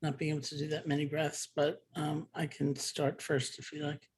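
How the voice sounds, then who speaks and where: A woman in her sixties, a meditation teacher, speaking gently and thoughtfully on a video call, with many pauses and fillers. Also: low-pitched, flat delivery, slightly rough. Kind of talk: reflective teaching talk with a personal story. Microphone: computer mic on a video call.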